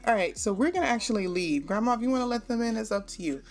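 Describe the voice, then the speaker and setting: A woman's voice: on the high side, animated, fast talker. A young adult woman hosting a gaming channel, chatting straight to her viewers as she plays. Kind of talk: casual gameplay commentary.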